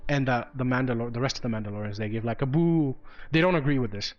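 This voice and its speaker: A man runs a tabletop game and narrates the scene haltingly, stopping and restarting as he goes, at a middling pitch. The recording is dull and lo-fi, with faint music underneath. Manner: halting, with many fillers and restarts. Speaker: game master.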